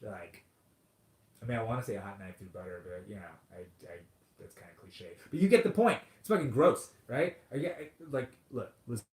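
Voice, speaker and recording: A man hosting a podcast, ranting in a comedic monologue, profane and sarcastic, dropping to mutters and then bursting out loud. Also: mid-range voice, expressive, brisk. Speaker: podcast host. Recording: roomy echo.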